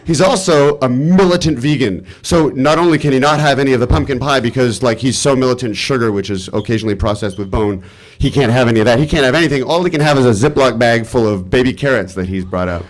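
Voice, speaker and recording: Man, live stage storytelling, animated, exasperated, profane. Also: mid-range voice, quick pace. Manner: animated, exasperated, swears freely.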